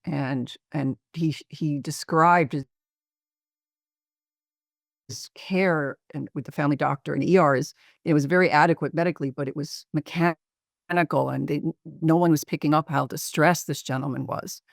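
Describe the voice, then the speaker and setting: A middle-aged man with a slightly high, gravelly voice presents a clinical case over a video call. He talks in a measured, reflective way, pausing often to find his words. The sound is dry and close. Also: dry recording.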